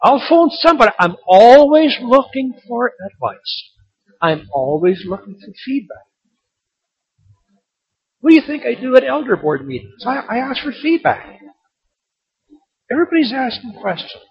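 A middle-aged man preaching a sermon, animated and rising to emphatic points. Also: very high-pitched, normal speed, long pauses. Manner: animated, rising to emphatic shouts on key lines. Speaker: pastor. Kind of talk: sermon with told jokes. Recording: dull lo-fi sermon recording.

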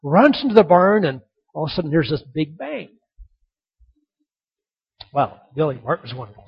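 A man's voice: fairly high pitch, very animated, normal speed, vocal fry, pauses often, breathy edge. A man preaching a sermon, telling a story and repeating key points for emphasis, in a dull lo-fi recording. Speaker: pastor.

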